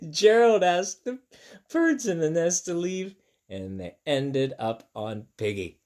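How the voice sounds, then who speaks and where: A male teacher reading a picture book aloud to children, gentle and chatty, repeating himself as he talks straight to the kids. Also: fairly high pitch, sing-song, takes it slowly. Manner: gentle, chatty and repetitive, talking directly to young kids.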